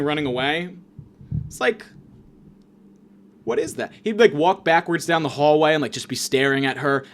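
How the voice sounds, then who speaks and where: A man's voice: mid-range voice, slight background noise. A man hosting a comedic monologue, ranting in a rambling, profane way, full of fillers and restarts. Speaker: comedian host.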